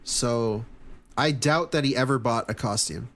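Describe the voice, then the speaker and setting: A man's voice: medium pitch, unhurried, fairly bright tone. A young man giving casual, sarcastic stream commentary, swearing often and mocking what he watches.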